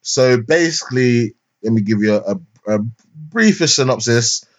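Expressive and unhurried, a young man with a medium-pitched voice co-hosts a podcast via remote call mic, chatting casually in a film review. He wanders off track with lots of fillers, restarts and street slang.

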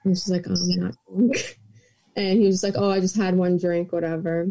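Mellow-voiced young woman rambling through a story. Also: on the low side, flat delivery, fairly quick, lo-fi sound. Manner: rambling, full of "like" and "um". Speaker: podcast co-host telling a story. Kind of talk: casual chat.

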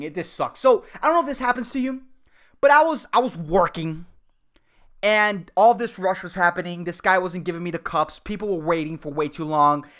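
A young Puerto Rican man hosts a solo podcast, ranting angrily and swearing a lot. His voice sits on the high side, bright and forceful.

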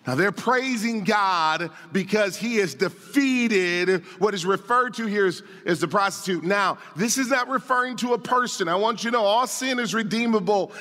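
A man preaching a sermon as pastor, building to shouted emphasis. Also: high voice, moderate pace, hardly any pauses. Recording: long reverb of a large hall.

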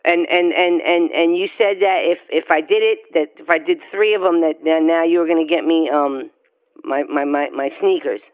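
A man's voice: on the high side, fairly even intonation, clean tone, lightly acted. A man voicing his young nephew on a phone call, a hesitant boy who stammers and fills gaps with ums. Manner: halting, stammering, many ums.

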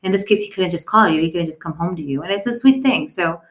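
Fast-talking encouraging woman, echoey room. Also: lowish voice. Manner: encouraging, talks in long flowing runs. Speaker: podcast co-host. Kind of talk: casual chat. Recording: roomy echo.

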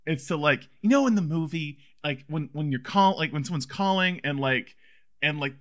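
A young man co-hosting a casual podcast chat about films, excitable and gushing. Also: fairly high pitch, normal speed. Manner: excitable, gushing, full of fillers and restarts. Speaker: podcast co-host.

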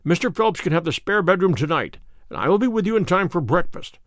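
A man reading an audiobook, voicing a calm, authoritative detective with a measured manner. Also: sits high, dry recording, clean studio sound, heavily acted. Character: sharp, commanding male detective, calm and cryptic.

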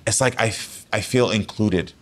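A man with a fairly low voice talks as a guest on a talk show. He speaks earnestly and emphatically about personal matters, with heartfelt conviction. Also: moderate pace. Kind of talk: candid personal conversation.

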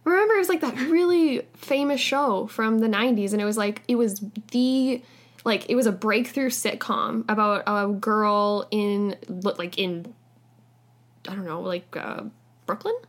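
A woman's voice: mid-range voice, unhurried. A woman co-hosting a podcast in casual chat, giggly and self-mocking. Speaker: podcast co-host.

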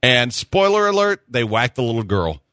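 Lively bright-voiced male radio host. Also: mid-range voice, dry recording, clean studio sound. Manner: animated storyteller, quick asides. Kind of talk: casual radio banter.

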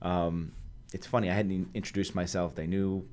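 A man with a lower-pitched voice tells a story in a relaxed podcast chat. He talks animatedly and slips into the voices of the people he quotes. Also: fairly quick, smooth. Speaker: host.

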